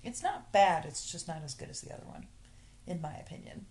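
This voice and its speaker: A woman's voice: lowish voice, big pitch swings, fairly quick, a little mellow. A woman co-hosting a casual chat, adding wry, opinionated comments. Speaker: podcast co-host.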